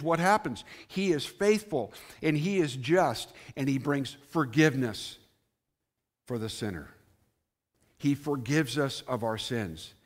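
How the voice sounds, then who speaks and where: A pastor preaching to his congregation, a man with a fairly high voice. He talks earnestly, lifting his voice on key words and then letting it drop soft and low. He is speaking in a church sanctuary. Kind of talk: sermon.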